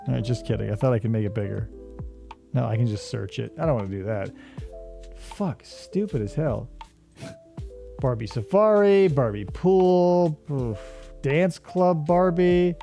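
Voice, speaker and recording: A man's voice: medium pitch, unhurried, creaky, mellow, faint music behind. A man hosting a livestream, joking and swearing, now and then slipping into mocking voices. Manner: jokey, profane, does mocking voices. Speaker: streamer host. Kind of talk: casual livestream commentary.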